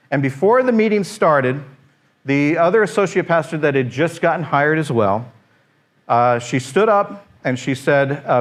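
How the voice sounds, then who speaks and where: Animated man, a pastor telling a story. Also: on the high side. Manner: animated storytelling, acting out his own exasperated thoughts. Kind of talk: personal story in a sermon.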